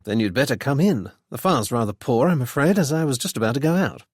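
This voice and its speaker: A man voicing a young gentleman sleuth in an audiobook, speaking with dry, ironic politeness. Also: mid-range voice, animated, quick pace, breathy edge, no echo. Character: wry young gentleman sleuth, bland and teasing.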